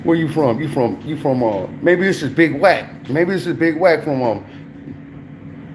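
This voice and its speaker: A brash young man rambles through his livestream, swearing freely and firing street slang at viewers in the chat. His voice sits notably high for a man. Faint background hiss runs under his talk. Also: lively intonation, a little slow. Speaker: livestream host. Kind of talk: casual livestream banter.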